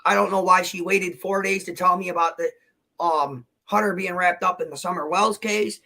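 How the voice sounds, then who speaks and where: A man's voice: high voice, fairly even intonation, normal speed, vocal fry, bright, forceful tone. A man on a livestream panel, answering questions defensively and emotionally, rambling and restarting as he talks. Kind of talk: heated livestream argument.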